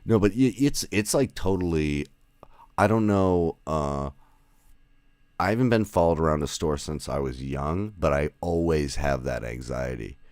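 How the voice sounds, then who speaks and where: A man's voice: very deep voice, animated, measured pace, darkish tone, no room sound. A man hosting a podcast, chatting casually with remote guests over an audio call, rambling and correcting himself as he goes. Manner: rambling, self-correcting, laughs often. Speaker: podcast host.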